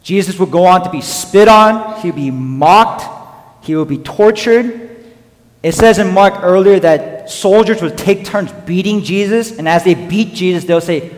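A male preacher with a slightly high voice delivers a sermon in an earnest storytelling style. He acts out the voices of the people in the story as he goes. His voice rings with the long reverb of a hall. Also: normal speed. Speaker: pastor.

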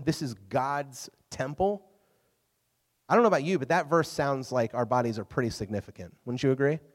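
A man preaching to a youth group, casual and animated, often asking the audience questions. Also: medium pitch, long reverb tail. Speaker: youth pastor. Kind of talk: youth sermon.

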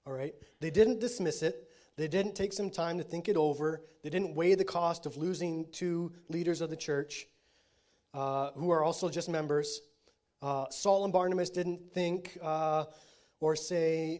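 A pastor preaching in a fairly high male voice. He keeps his sermon conversational and often checks in with his listeners. He drops to quiet, low lines and then rises to loud, stressed declarations. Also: moderate pace. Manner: conversational preaching with frequent check-ins to the congregation; swings between quiet, low statements and loud, emphatic declarations.

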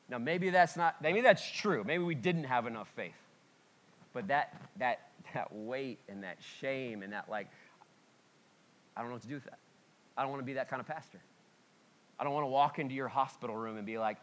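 Guy pastor preaching, casual and honest, pokes fun at himself, mid pitch, gets loud then drops quiet. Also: normal speed, long pauses. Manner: candid, self-deprecating humor; lively, sudden swings in loudness. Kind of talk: conversational sermon.

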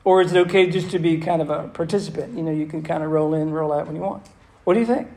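Pastor, male, higher voice with some gravel, chatty and questioning, big echoey room. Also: steady tone, fast talker, darkish tone. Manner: conversational, questioning the audience, repeats himself. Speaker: pastor teaching a church class. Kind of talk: interactive sermon. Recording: roomy echo with faint room noise.

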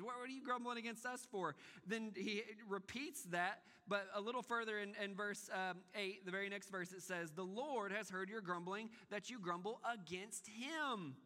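A man's voice: sits high, bright, forceful tone. Male pastor, sermon, emphatic, ringing tone, hall echo. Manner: emphatic, rhetorical questions, repeats words when restarting.

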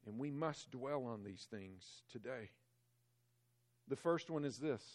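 A male pastor delivering a Sunday sermon in a mid-range voice. He preaches with emphasis, pushing louder on the key words and sinking to a hush elsewhere. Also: lively intonation, slow. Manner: emphatic preaching, swelling louder on key phrases and dropping low on others.

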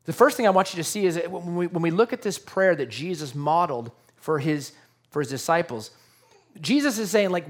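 A man's voice: fairly high pitch, lively intonation, a little fast. A man preaching a sermon to his congregation in an earnest, conversational way, often asking rhetorical questions. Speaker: pastor.

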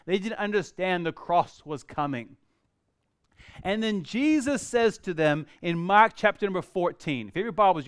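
A middle-aged man preaching a sermon in a church, acting out the quoted voices and swinging from loud to very quiet. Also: sits high, clean tone, no echo, clean studio sound. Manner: dramatic, acts out quoted voices, varies loudness widely. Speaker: pastor.

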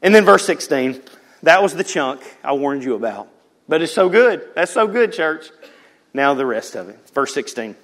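A pastor preaching a sermon in a church, swinging from loud emphasis to hushed near-whispers and acting out quotes. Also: male voice, a little high, expressive, moderate pace. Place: church sanctuary.

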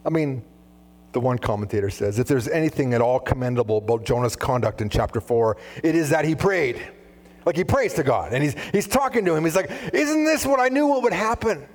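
A man preaching a sermon as pastor, conversational and animated, full of asides. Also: mid-range voice, fairly quick.

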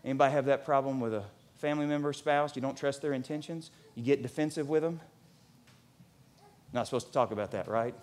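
A pastor in his forties preaching a sermon in a church, animated and at times nearly shouting. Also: mid-range voice, fairly quick.

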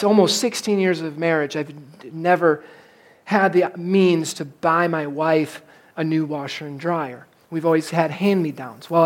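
A middle-aged man preaching a sermon in a church. He tells stories with lively energy and pokes fun at himself, sometimes acting out his own frustration. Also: fairly high pitch. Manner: animated, self-mocking storyteller who acts out his frustration. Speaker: pastor. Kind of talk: sermon with a personal story.

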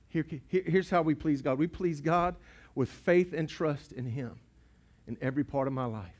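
High-pitched preacher with a drawl. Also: male voice, expressive, fairly quick. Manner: preaching in swells from hushed to shouting, repeats words. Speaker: pastor. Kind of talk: sermon. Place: church sanctuary. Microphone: pulpit mic.

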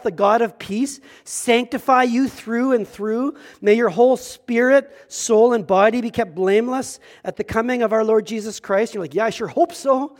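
A man preaching a sermon at a church service. He moves from loud, emphatic scripture reading to quiet, joking asides. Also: sits high. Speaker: pastor.

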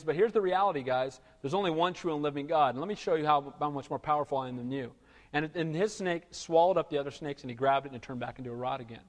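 Animated high-voiced preacher in a hall. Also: male voice. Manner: animated storytelling, acts out quotes. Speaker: pastor. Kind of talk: sermon.

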